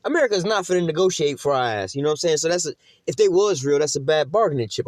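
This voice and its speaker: A man's voice: on the high side, lively intonation, rapid-fire, dry recording. A man giving an informal, profane preaching monologue who keeps checking in with his listeners. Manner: profane, conversational, keeps asking "you know?". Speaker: religious teacher.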